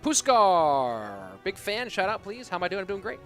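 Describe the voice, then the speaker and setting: A young man with a high, bright-pitched voice calls a live esports match. He cracks jokes and answers chat questions between the action. Faint music plays in the background. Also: fast, creaky. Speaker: esports caster. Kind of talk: live game commentary and reading chat.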